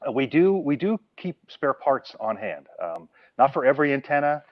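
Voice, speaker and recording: A man's voice: medium pitch, normal speed, muffled recording. A man guest, chatting casually about antennas and telling stories with lots of voice play. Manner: animated storyteller acting out phone calls. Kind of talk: casual chat, storytelling.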